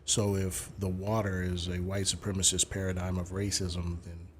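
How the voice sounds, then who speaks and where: Male streamer host, lowish voice, lectures callers with emphatic, blunt delivery. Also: flat delivery, normal speed, a little hiss or hum. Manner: lecturing, emphatic, swears casually. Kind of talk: live-stream debate commentary.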